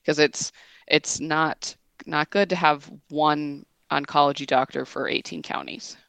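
A woman's voice: low-pitched, steady tone, measured pace, gravelly, a bit bright, no echo. A woman reporter discussing regional news on a radio panel, chatty, with "um" and "you know" fillers.

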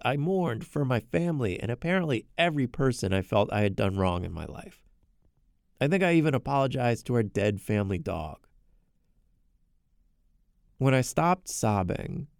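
Gravelly man telling a personal story. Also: mid-range voice, a little mellow, no room sound, studio quality. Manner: earnest, repeats words when emotional. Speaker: podcast narrator.

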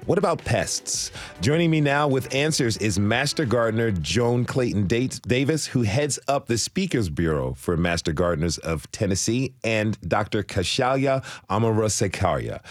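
A man with a very low voice hosts a radio interview in a studio. He is upbeat and curious, and he asks his guests questions one after another. The sound is dry and close. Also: dry recording. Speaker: radio show host.

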